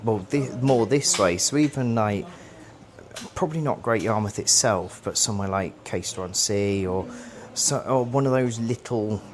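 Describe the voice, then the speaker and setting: Man, lowish voice, animated storyteller, casual podcast chat, acts out other people's lines. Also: moderate pace, slight background noise. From Norfolk, England. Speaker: podcast co-host. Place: festival.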